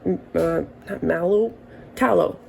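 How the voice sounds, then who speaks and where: A woman in her early thirties speaks in a relaxed, warm tone with plenty of vocal fry. She drifts through a casual monologue, wandering off on tangents with dry, self-mocking humor and the odd curse. A faint hum sits behind her. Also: medium pitch, measured pace, rough recording. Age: early 30s. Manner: rambling, tangent-prone, wry and profane. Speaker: vlogger.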